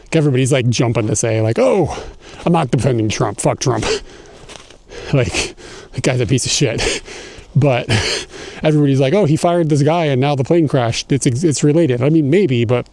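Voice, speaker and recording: A man's voice: mid-range voice, normal speed, a little mellow. Breathless man ranting on a walking stream. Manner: profane, laughing, ranting. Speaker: livestreamer. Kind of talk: casual IRL livestream chat. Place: outdoors walking in a snowy park. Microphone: phone carried while walking. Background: faint outdoor ambience.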